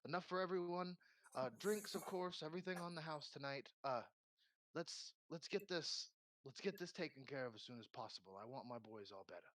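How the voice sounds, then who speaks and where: A man's voice: fairly high pitch, animated, brisk, a bit bright, no echo. A man doing a bustling, bossy innkeeper woman. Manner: bustling, commanding.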